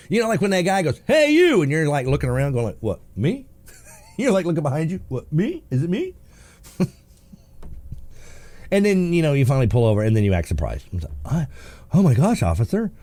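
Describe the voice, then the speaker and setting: A man's voice: mid-range voice, warm tone, no room sound. A man hosting a morning radio talk show, joking and teasing, acting out little scenes in put-on voices. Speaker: radio host. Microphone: studio microphone.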